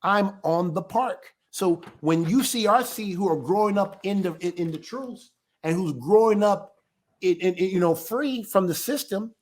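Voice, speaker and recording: A man's voice: high voice, moderate pace. A man who leads a ministry, talking to his livestream viewers in an emphatic way, full of rhetorical questions and restarts. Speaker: ministry elder.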